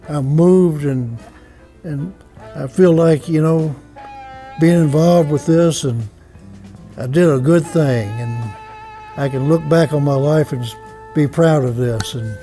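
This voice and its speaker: Slow halting older Mississippi man. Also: on the high side, dark tone. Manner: halting, searching for words, many pauses. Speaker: award recipient, blues musician. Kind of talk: heartfelt acceptance speech.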